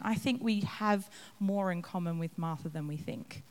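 A woman's voice: on the low side, moderate pace, few pauses, a little mellow. A woman giving a conversational sermon, acting out the scenes she describes. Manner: conversational, acts out scenes with laughs. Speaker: preacher. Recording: long reverb of a hall.

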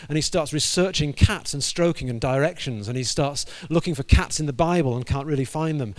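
Animated male preacher telling a story. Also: a little high, a little fast, few pauses. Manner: animated, acts out the dialogue of the story. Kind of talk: sermon storytelling.

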